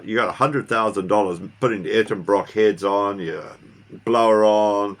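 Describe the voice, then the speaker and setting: Middle-aged man, lowish voice, rambling casual vlog to camera, keeps quizzing viewers. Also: a bit bright. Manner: rambling, asks viewers questions, restarts. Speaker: car vlogger. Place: New Zealand.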